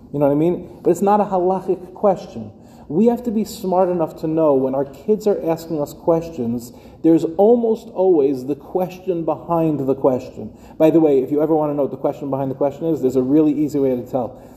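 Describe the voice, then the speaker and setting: A middle-aged man gives a live lecture as a rabbi, speaking casually and throwing rhetorical questions at the room. His voice is somewhat high yet dark and mellow. A long reverb hangs on every word, as in a lecture hall. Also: brisk. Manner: conversational, addresses listeners directly with rhetorical questions. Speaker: rabbi teaching educators.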